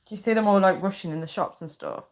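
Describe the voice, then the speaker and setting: A woman's voice: medium pitch, fast. A young woman chatting casually on a live stream, rambling and reading viewer comments aloud. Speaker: livestreamer.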